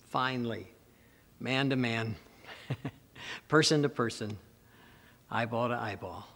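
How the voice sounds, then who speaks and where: A man's voice: mid-range voice, takes it slowly, fairly bright tone, big-room sound. A man preaching a sermon as a pastor, emphatic and repeating words for stress.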